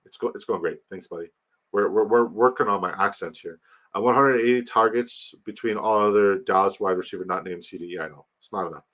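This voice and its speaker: A man hosting a casual fantasy football livestream, animated and swearing freely as he reads viewer comments aloud. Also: fairly low pitch, fairly quick. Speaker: livestream host reading chat.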